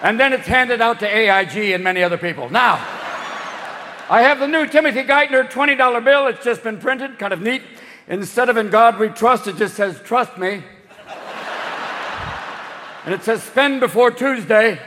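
A man doing a stand-up comedy routine on a club stage, talking fast and manic and jumping in and out of character voices. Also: very high-pitched, noisy background. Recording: echoing venue, loud crowd laughter.

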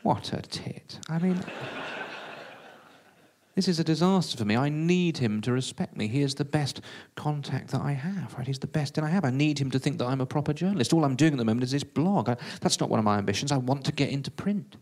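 A man tells a funny story about himself, self-deprecating and chatty. He rattles along at a brisk pace. His voice sits at a middling pitch. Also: animated, a little mellow. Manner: self-deprecating, quick and conversational. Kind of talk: comic first-person storytelling.

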